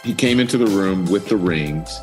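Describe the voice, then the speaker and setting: A man's voice: low voice, normal speed, soft background music. A man, a news anchor appearing as a guest, tells a personal story in a podcast interview, acting out the dialogue and laughing often. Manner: animated, acts out quoted dialogue, laughs often.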